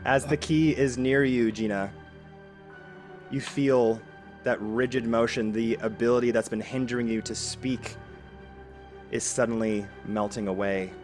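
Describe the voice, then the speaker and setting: Man narrating as game master. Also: on the low side. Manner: measured narration, lively when thanking. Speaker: game master and show host. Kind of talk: narrating a tabletop game, then thanking guests.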